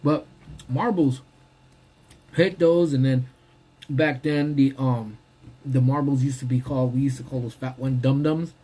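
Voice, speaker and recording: Dude talking into his phone in a parked car, mellow husky voice, chill slangy live-stream chat. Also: mid-range voice. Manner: laid-back, slangy, greets viewers by name. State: talking while eating.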